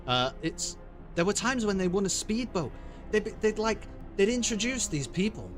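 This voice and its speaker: A man's voice: high voice, big pitch swings, normal speed, faint music behind. A British man streaming a game, chatting in a casual, sweary and wry way while he laughs along. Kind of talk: casual gameplay commentary.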